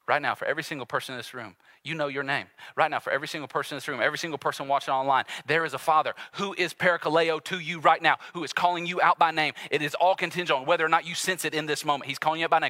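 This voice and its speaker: A male pastor preaching a sermon earnestly and confessionally, swinging between loud urgency and hushed intimacy. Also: on the high side, fairly even intonation, very fast, few pauses, no room sound, studio quality. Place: church sanctuary with live and online audience.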